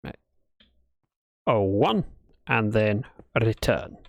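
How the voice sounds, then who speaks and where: A man's voice: fairly low pitch, big pitch swings, very slow, vocal fry. A man chatting casually while livestreaming a building game, playfully telling dad jokes to his chat.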